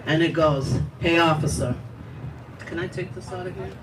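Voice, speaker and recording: A middle-aged woman speaking emotionally and forcefully at an outdoor protest, reciting a poem as a bereaved mother. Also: lowish voice, normal speed. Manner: emotional, forceful, building in intensity. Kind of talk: impassioned rally speech and poem recital. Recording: distant voice, noisy outdoor rally.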